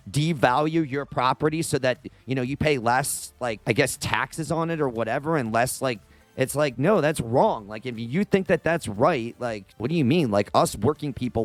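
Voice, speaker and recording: A young man sounds off in loose, rambling commentary, exasperated and full of filler words. His voice sits at an ordinary middle pitch. It is recorded close and dry, with faint music running underneath. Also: no room sound. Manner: exasperated, rambling, heavy use of "like". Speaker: commentary channel host. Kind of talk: casual opinion commentary.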